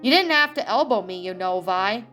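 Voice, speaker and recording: A woman's voice: medium pitch, lively intonation, moderate pace, pushed and bright. Grumbling young man, mouthy, retorting, woman reading, faint music. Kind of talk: reading fan fiction aloud.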